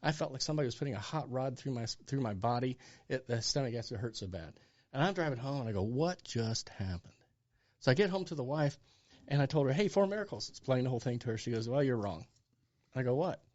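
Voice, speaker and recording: Man in his sixties, lively storyteller. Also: medium pitch, fast talker, muffled recording. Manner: animated storyteller acting out dialogue. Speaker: pastor and guest. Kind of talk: storytelling interview.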